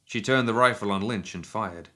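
A man narrating a written action story in a steady, measured storytelling manner. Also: fairly low pitch. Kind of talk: scripted audiobook narration.

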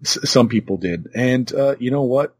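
A man co-hosting a podcast, chatting about a tabletop wargame with wry, deadpan humor. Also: medium pitch, normal speed, breathy edge, no echo. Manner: wry, joking, deadpan teasing. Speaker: podcast co-host.

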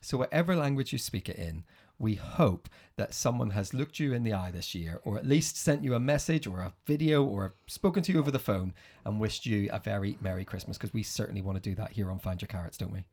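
A man co-hosting a family podcast with his son in a casual, enthusiastic chat, quick to praise. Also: lowish voice, a little mellow.

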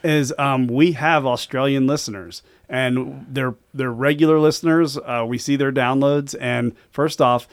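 A man's voice: mid-range voice, steady tone, unhurried, few pauses. Rambling, chuckling male podcast host. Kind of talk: casual beer podcast chat.

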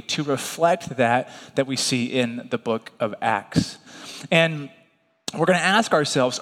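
A man's voice: a little high, a bit bright. A young man preaching a sermon as a guest speaker, conversational and self-deprecating, with casual fillers. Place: church sanctuary. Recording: long church reverb.

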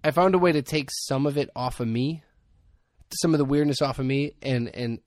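A man's voice: medium pitch, normal speed, a little mellow, no echo, studio quality. A man, hosting a podcast and telling rambling, jokey stories in casual chat. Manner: joking storyteller, rambling asides. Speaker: podcast host.

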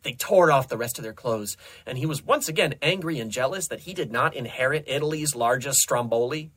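A young man reading comedic fan fiction aloud in a dry, deadpan narrating voice. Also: medium pitch, a little fast, husky. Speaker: host reading stories aloud.

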